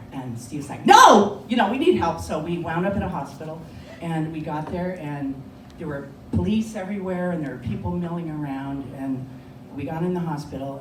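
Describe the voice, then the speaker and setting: A woman's voice: low-pitched, brisk, few pauses, warm tone. A woman telling a personal story at a live story slam, conversational and often laughing. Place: bar lounge stage. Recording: echoey lounge, distant mic, background noise.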